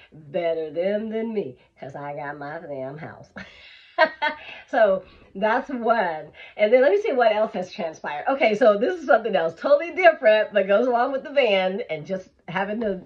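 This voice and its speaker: A woman vlogger telling an animated, emphatic storytime, on a dull lo-fi recording. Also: mid-range voice, slightly rough. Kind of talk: storytime vlog.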